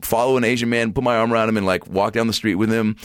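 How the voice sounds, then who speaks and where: Deep-voiced man telling stories, dry studio sound. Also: fast, clear, resonant tone, dry recording. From Seattle. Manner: animated storyteller, swears freely, jumps into high put-on voices. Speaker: podcast guest. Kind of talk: casual podcast chat.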